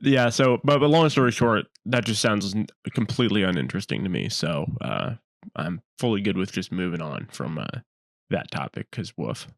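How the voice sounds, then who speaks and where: A man's voice: sits low, lively intonation, moderate pace, vocal fry, dry recording, studio quality. A young man co-hosting a podcast in casual chat, airing blunt, opinionated takes with fillers. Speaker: podcast co-host.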